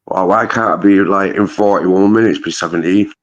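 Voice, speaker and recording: A man's voice: sits low, normal speed, highs cut off. A man with a Manchester accent hosting a live stream, rambling through casual chat with plenty of slang and swearing. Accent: Mancunian. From Manchester, England.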